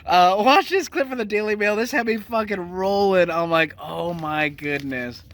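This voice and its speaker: A man's voice: sits high, expressive, moderate pace, fairly bright tone. A man hosting a casual news commentary show, mocking the stories and laughing as he rants. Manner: mocking, laughs while ranting.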